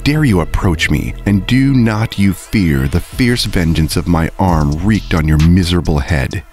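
A man's voice: sits low, animated, unhurried, a little mellow, soft background music. A man reading aloud as a furious young scientist who curses the creature he made, in impassioned old-fashioned speech. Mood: wrathful. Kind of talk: book reading.

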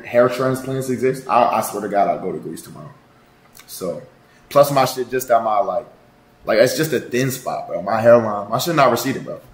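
A man streaming live, chatting casually with his viewers in a loud, profane, joking and rambling way. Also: on the low side. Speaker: livestreamer. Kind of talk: casual livestream chat. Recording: roomy echo.

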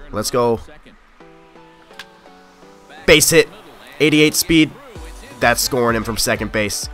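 Young man, gameplay commentary, excitable, frustrated outbursts, mid-pitched voice, soft background music. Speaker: gaming YouTuber.

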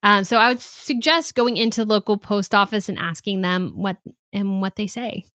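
A woman's voice: mid-range voice, normal speed, a bit bright, no room sound, highs cut off. Woman, live stream host, casual chat, laughs often, reads comments aloud, dry close sound. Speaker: host of a royal news channel.

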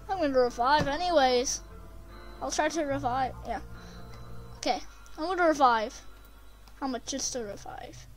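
A woman commentating her gameplay, excitable and prone to screaming when chased. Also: high voice, measured pace, pauses often, soft background music. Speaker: gamer.

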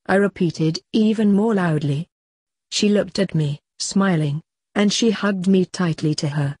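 Low husky woman reading a devout diary. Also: unhurried, darkish tone, no echo. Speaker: audiobook narrator. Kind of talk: scripted first-person diary reading.

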